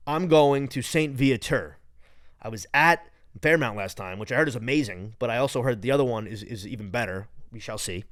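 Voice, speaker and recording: A man in his late twenties from Long Island with a New York accent, hosting a casual solo podcast in a profane, rambling, excitable way. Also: medium pitch, no room sound, studio quality. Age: late 20s. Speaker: podcast host.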